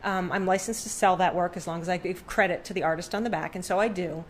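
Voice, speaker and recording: Amid her hanging paintings, a middle-aged woman guesting on a podcast talks fast with fairly even intonation as she tells a story in conversation. She still acts out the voices she quotes with sudden pitch jumps, and the audio carries a little hiss or hum.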